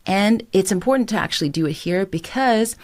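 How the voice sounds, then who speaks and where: A woman's voice: mid-range voice, animated, brisk. A woman vocal coach teaching a singing lesson, explaining technique and breaking into short sung examples with an encouraging manner. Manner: encouraging, demonstrates phrases by singing them.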